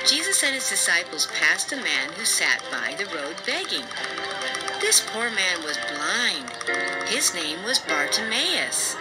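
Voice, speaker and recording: A narrator telling an animated Bible story for children in a clear storytelling manner. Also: mid-range voice, rough recording. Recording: played video with loud music.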